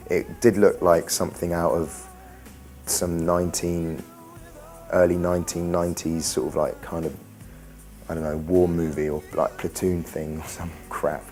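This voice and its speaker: Very deep, mellow young man talking earnestly. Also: level tone, normal speed. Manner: earnest, rambling, many restarts. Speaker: pop band member. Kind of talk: interview talk. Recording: music playing behind. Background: faint music.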